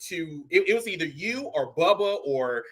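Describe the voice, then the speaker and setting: A man's voice: on the high side, lively intonation, moderate pace, a bit bright, husky. A young man, a podcaster joining as a guest, talking eagerly like a gushing fan. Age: young adult. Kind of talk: excited casual chat.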